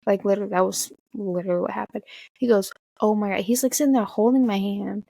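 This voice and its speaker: Young woman telling an excited story, bit of vocal fry, mid pitch, dry room sound. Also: dry recording. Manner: excited, swearing, talks fast with big pitch jumps when quoting. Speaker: vlogger. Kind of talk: casual storytime vlog.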